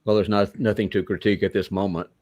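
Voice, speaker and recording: Guy from manchester, lowish voice, dry close sound, rambles and backtracks a lot. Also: quick pace, dry recording. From Manchester, England. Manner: rambling, animated, self-correcting storyteller. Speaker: wrestler guest. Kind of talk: interview storytelling.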